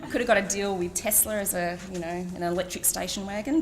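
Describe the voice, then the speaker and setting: A woman's voice: on the low side, steady tone, quick pace, hardly any pauses, noisy background. A middle-aged Australian woman with an Australian accent, reading her own blog aloud at a book event in a wry, self-mocking way. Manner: wry, self-mocking, laughs between phrases. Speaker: author. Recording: long reverb in a hall.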